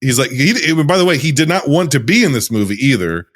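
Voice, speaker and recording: A man co-hosting a casual podcast, talking in animated bursts with swearing and loud laughter. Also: fairly high pitch, fast. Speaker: podcast co-host. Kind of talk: casual chat.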